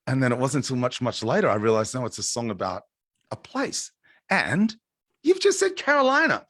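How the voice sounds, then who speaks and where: A man's voice: mid-range voice, big pitch swings, fairly quick, a bit bright, no echo. A man, a musician guest, telling a rambling story on a video call, with restarts. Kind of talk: casual chat and singing with guitar. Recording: guitar playing under the voice. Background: acoustic guitar.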